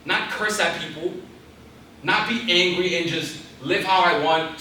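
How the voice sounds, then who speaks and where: An intense young man speaks to a crowd in a large hall. His voice is bright and pushing, and he sits a little back from the mic. The room gives it a heavy, boomy echo. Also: unhurried, distant mic, a little hiss or hum. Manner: intense, preacherly, rising to emphatic exhortation. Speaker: guest speaker. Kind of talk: motivational Christian talk.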